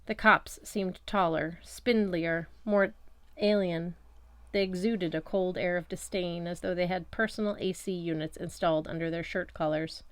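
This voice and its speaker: Low-voiced woman reading an audiobook. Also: fairly even intonation, moderate pace, dry recording. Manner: wry, conversational storytelling. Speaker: audiobook reader. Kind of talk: first-person audiobook narration.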